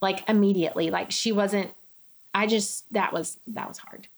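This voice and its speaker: A middle-aged woman telling her personal story in conversation. She speaks candidly and earnestly, and she quotes other people in lively voices. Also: medium pitch, moderate pace, gravelly. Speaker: guest sharing her testimony.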